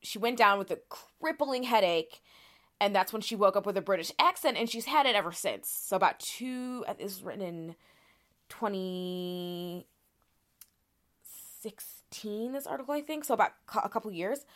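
This podcast co-host, a woman with a medium-pitched, fairly bright voice, speaks at normal speed and sounds animated. Walking through her research in casual conversation, she keeps saying "like" and often starts sentences over.

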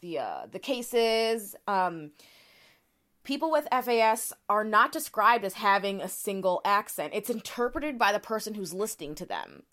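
A woman's voice: medium pitch, lively intonation, normal speed, a bit bright. A woman talks through a topic for a podcast in an easygoing, conversational way. She leans on fillers and often restarts her sentences as she explains. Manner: chatty, many "like" fillers and restarts. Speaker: podcast co-host presenting research.

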